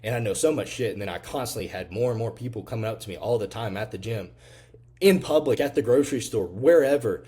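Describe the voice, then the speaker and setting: A man's voice: on the low side, fast talker, dark tone. A man in his twenties, a physique coach, speaking casually and earnestly to camera, full of "you know" fillers and swearing, turning into fired-up motivational urging. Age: 20s.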